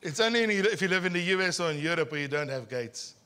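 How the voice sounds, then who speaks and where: A man from South Africa with an Afrikaans South African accent, preaching a sermon at a church service in an animated, teasing way, slowing his words for emphasis. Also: fairly high pitch, clean tone. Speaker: pastor.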